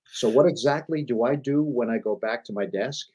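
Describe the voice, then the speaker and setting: A middle-aged man, a journalist and author, telling business stories in a lively, emphatic way as a guest on an interview show. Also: medium pitch, moderate pace, slightly rough, poor audio. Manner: animated storyteller, emphatic repetition. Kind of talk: conversational interview.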